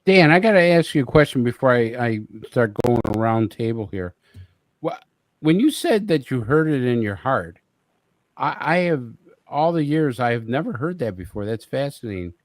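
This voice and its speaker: Guy hosting a podcast, curious direct questions, average pitch, dry close mic. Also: sing-song, moderate pace, dry recording. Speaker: podcast host. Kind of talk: interview questions.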